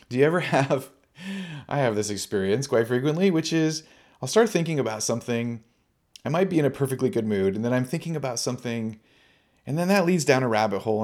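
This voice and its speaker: Relaxed man teaching meditation. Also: mid-range voice. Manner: relaxed, conversational, laughs lightly. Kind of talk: dharma talk.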